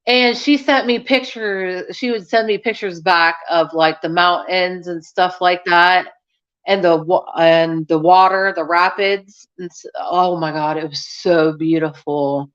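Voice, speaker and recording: A woman with a lowish, smooth, slightly bright voice hosts a casual livestream at an unhurried pace, reading viewer comments and rambling through stories. She's chatty, with many fillers and restarts. The recording's highs are cut off.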